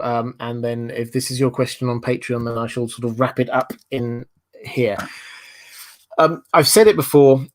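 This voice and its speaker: Male livestream host of average pitch, thoughtful explainer working through fan theories. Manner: thoughtful, analytical explainer reading viewer chat. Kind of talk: live-streamed lore discussion.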